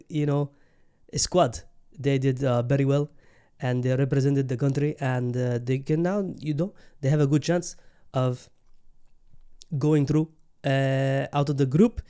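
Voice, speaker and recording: A man's voice: mid-range voice, warm tone, clear, resonant tone, natural voice. A man putting on a proud Arab football fan. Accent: Arabic-accented English. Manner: grandiose, rambling with many fillers.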